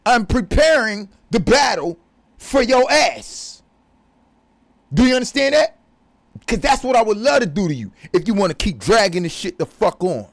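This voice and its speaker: A man's voice: high voice, very animated, moderate pace. A man delivering a profane, confrontational religious rant as a vlogger. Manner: profane, aggressive, preachy.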